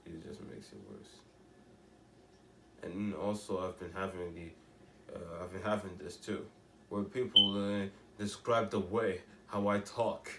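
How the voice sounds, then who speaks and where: A man's voice: low-pitched, fairly even intonation, a little slow, sharp tone, far from the mic, a little hiss or hum. Rambling teenage boy in an echoey room. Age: teens. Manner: rambling, restarts often, emphatic rhetorical questions. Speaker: vlogger. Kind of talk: casual monologue to camera.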